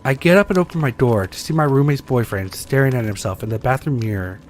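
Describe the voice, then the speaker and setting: A man reading scary stories aloud with a steady storytelling delivery that slows for tense moments. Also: mid-range voice, a little hiss or hum. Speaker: story reader.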